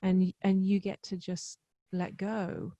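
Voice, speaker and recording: A woman hosting a podcast, speaking in a soft, affirming and reflective way. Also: medium pitch, flat delivery, slow pace, no room sound, highs cut off. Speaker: podcast host. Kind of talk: reflective interview talk.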